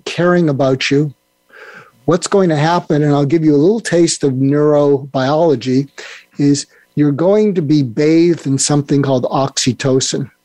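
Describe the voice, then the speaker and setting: Older man, rambling guest, slightly high voice. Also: dark tone, no echo. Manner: rambling, with many restarts and fillers. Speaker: guest expert. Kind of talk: podcast interview.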